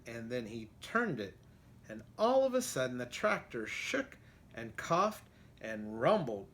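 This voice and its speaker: A man reading a children's picture book aloud in an expressive way, pausing to ask his listeners questions. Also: mid-range voice, slight background noise. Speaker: storybook reader. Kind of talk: children's storybook read-aloud.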